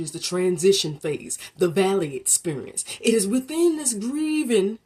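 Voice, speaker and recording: A woman giving a faith-based motivational talk, preacherly and colloquial, addressing the listener directly and swinging from hushed to emphatic. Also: medium pitch, breathy edge. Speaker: motivational speaker.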